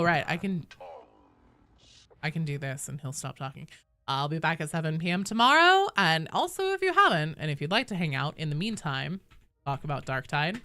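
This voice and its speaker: A woman game streamer in casual live-stream chat, animated and candid, laughing often and swearing casually. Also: lowish voice.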